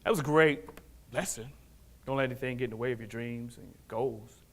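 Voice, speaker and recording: At a men's fellowship, a man with a mid-range voice tells a personal testimony at a fairly quick clip. He's animated and acts out the people in his story.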